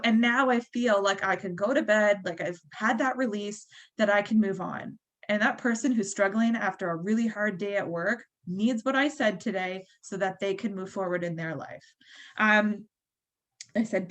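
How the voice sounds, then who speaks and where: A woman's voice: medium pitch, moderate pace. A woman in her thirties giving a chatty, encouraging motivational talk to her team on a call, full of fillers like "um" and "like.". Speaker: team leader.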